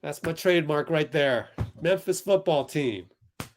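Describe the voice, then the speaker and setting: A young man hosts a live basketball watch-along, his voice sitting a little high and his speech unhurried. He sounds heated and exasperated, often breaking into laughs and sighs. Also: lively intonation. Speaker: livestream host.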